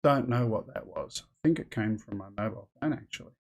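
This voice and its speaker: A man's voice: on the low side, fairly quick, vocal fry. A man hosting a casual live stream, thinking aloud and rambling as he chats with viewers. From Australia.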